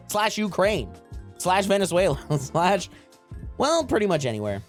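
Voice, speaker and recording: A man's voice: high voice, big pitch swings, measured pace, faint music behind. A young man live streaming, chatting casually and profanely with his viewers, rambling from joke to joke with frequent laughter.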